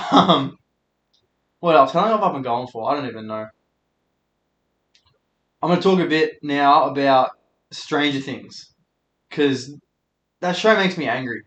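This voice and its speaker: A man in his twenties talks loosely on his own podcast, drifting from one thought to the next and swearing often as he makes fun of his own slip-ups. His voice sits a bit high for a man. He holds the microphone in his hand, and the sound bounces around a roomy space. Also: a bit bright. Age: 20s. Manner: rambling, sweary, self-deprecating. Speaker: podcast host. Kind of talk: casual solo podcast rant. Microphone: handheld microphone.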